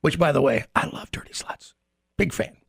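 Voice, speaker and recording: A man's voice: a little high, moderate pace, vocal fry, slightly rough, dry recording. A male radio host trading crude jokes and stories in loose, profane banter on a studio mic. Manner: loose, profane, jokey storyteller.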